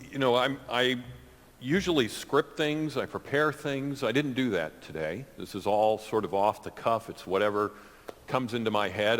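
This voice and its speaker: A man in his sixties giving an unscripted personal testimony in church, talking conversationally with frequent fillers and restarts. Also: medium pitch. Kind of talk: off-the-cuff spoken testimony. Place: church hall. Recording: long church-hall reverb.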